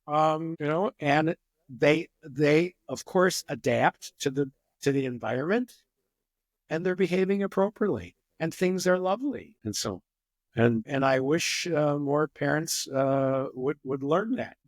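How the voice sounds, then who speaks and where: An older man with a notably high voice speaks as a psychologist guest on a podcast. He explains his points with animated stories and acts out the people in them. The sound is dry and close. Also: measured pace, dry recording. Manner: animated storyteller who acts out examples. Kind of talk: podcast interview.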